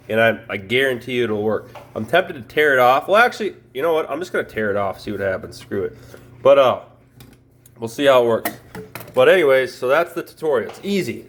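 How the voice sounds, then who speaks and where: A man walks through a home repair in a loose, folksy way, chatty and quick to poke fun at himself. His voice sits at an ordinary middle pitch. It sounds like he is filming on a phone as he works. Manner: folksy, self-deprecating, chatty. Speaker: DIY video host. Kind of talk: casual how-to tutorial.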